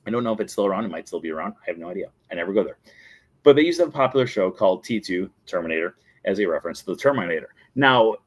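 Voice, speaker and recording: A man with a fairly low voice hosts his own talk show in a casual, chatty way. He is eager and enthusiastic as he retells scenes and quotes characters along the way. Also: lively intonation, racing. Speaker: show host.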